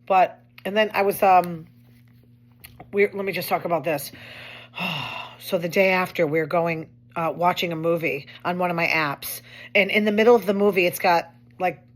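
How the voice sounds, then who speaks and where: A woman's voice: fairly low pitch, steady tone, normal speed. A woman hosting her own show, talking in a chatty, wry way with complaining asides. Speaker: host. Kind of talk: casual monologue commentary.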